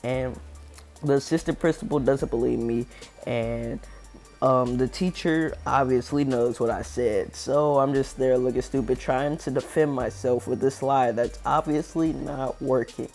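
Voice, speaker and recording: Teen guy, gravelly mid-pitched voice, loose slangy storyteller, faint music behind. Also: steady tone, a little slow, a little mellow. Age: teens. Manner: rambling, slangy, laid-back storytelling. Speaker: gaming channel storyteller. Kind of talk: casual storytime over gameplay.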